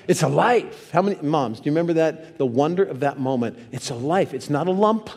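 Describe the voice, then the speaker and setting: A man preaching a sermon to a congregation, telling stories with humor and lively asides. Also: a little high, a little fast. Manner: animated storyteller, jokes with the congregation. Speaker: pastor. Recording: long hall reverb.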